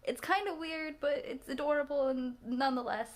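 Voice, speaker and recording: Her voice is high and her pace brisk as this twentysomething vlogger talks loosely about films she's just seen. She wanders from point to point, laughs frequently and restarts sentences along the way.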